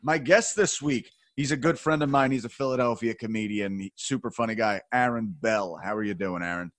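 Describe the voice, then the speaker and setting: A man's voice: mid-range voice, a little fast, a bit bright, no echo. A man hosting a podcast in casual, jokey chat, rambling with playful outbursts. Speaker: podcast host.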